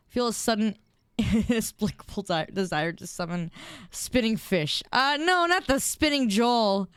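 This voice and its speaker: A woman's voice: fairly high pitch, animated, unhurried, clean tone, no room sound, studio quality. A young woman streamer in casual chat, reading viewer messages aloud and giggling often.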